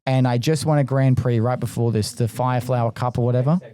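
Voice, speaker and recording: A man's voice: mid-range voice, steady tone, quick pace, mellow. A man co-hosting a comedy podcast, rambling and joking crudely in casual banter. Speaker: podcast co-host.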